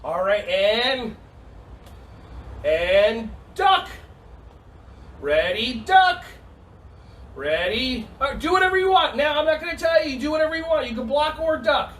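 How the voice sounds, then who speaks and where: A man teaching a silly, energetic online yoga and karate class for kids, teasing them and calling out counts over a video call. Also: very high-pitched, moderate pace, recorded from a distance, rough recording. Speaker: kids' yoga and karate instructor. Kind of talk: playful online kids' class.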